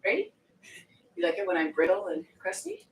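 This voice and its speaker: With a fairly low voice that swings hugely in pitch, a woman fitness coach talks at a normal pace while exercising and breathing heavily. Her live coaching is full of joking, profane banter, heard through a distant mic in an echoey, faintly noisy room.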